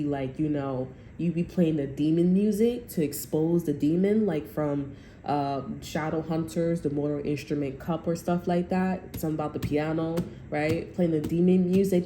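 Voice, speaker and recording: Woman, tarot reader, low dark voice, rambling chatty talk, echoey room, faint hiss. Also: normal speed. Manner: rambling, chatty, often checking in with "okay?". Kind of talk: casual tarot reading.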